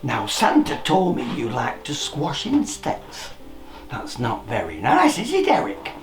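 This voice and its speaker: A storyteller voicing a calm, magical talking satsuma that gently scolds a child with teacherly questions, in a children's storybook reading. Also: mid-range voice, unhurried, pitched below the performer's own voice. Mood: scolding. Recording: roomy echo, faint music.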